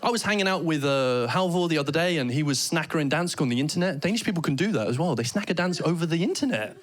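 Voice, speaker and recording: A British man doing stand-up comedy, telling animated stories and trying out mock Danish phrases. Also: fairly high pitch, quick pace, a faint crowd, a little hiss or hum. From Britain. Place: theater stage before a laughing audience.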